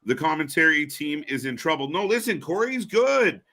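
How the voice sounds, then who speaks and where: A man's voice: a little high, sing-song, moderate pace, pushed and bright. A man co-hosting a casual live wrestling commentary stream, blunt and opinionated, swearing now and then. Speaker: co-host.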